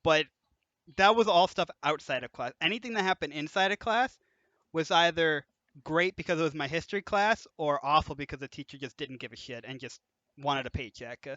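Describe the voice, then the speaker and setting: A young man hosts a casual podcast chat, telling animated college stories and laughing through them. His voice is bright and sits a bit high. The sound is dry and slightly dull, like a cheap mic. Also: fairly quick, no room sound. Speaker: podcast host.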